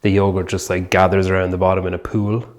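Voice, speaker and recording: A young man hosting a podcast rambles through a casual, vlog-style chat, packing his sentences with "like." His low voice is completely flat, and he talks fast.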